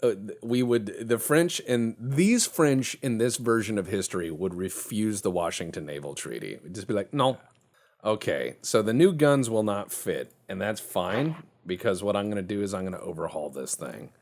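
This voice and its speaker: A man's voice: lowish voice, lively intonation, moderate pace, few pauses, a little mellow. A man hosting a casual video game commentary, cracking jokes and laughing often. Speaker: game streamer.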